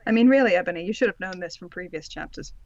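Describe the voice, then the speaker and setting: A woman's voice: fairly low pitch, lively intonation, quick pace. Female co-host narrating, wry and sardonic; audio slightly muffled. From Britain. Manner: sardonic asides, laughing while reading. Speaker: podcast co-host and narrator of the reading. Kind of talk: comedic dramatic reading with commentary.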